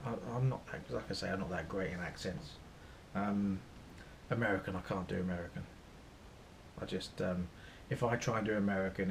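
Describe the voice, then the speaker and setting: A man talking casually to camera in a rambling, self-deprecating way, pausing often with ums and uhs. His voice sits on the low side, with a faint hiss of background noise. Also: rough recording. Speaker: vlogger. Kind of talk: casual vlog talk.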